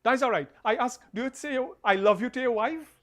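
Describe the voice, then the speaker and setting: A man, an officiating pundit preaching a funeral sermon, repeating key lines and swinging between soft and loud. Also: very high-pitched, a little fast.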